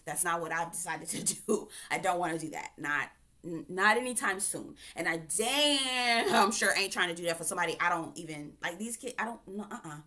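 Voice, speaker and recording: A woman from Florida reviewing a reality TV show in a casual, animated rant, often going off on tangents. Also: on the low side. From Florida, USA. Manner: chatty, animated, goes off on tangents, frequent laughter.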